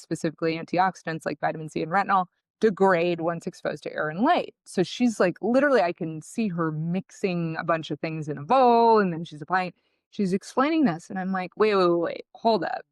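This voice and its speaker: A woman founder being interviewed, telling her story in a lively, conversational way and acting out what people said. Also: on the low side, a little fast, dry recording. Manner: animated, conversational, acts out quotes. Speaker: guest, founder.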